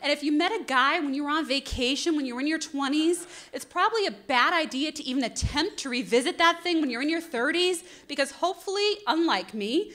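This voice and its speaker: Bright-voiced woman telling a self-mocking story. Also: high-pitched, brisk, few pauses. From northeastern United States. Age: 30s. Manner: animated, self-mocking, laughing often. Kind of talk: live storytelling. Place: bar venue before an audience.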